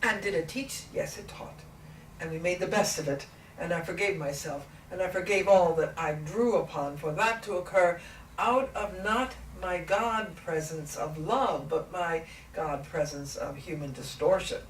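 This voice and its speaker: A woman in trance channeling a gentle, patient ancient male spiritual teacher, speaking slowly and deliberately with many rhetorical questions. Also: on the low side, lightly acted. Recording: echoey room, distant mic, faint noise.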